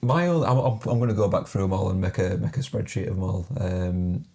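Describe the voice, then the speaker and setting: A man's voice: low voice, brisk, warm tone. A man co-hosting a podcast, chatty and rambling, amused as he talks. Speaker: podcast co-host. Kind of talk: casual podcast chat.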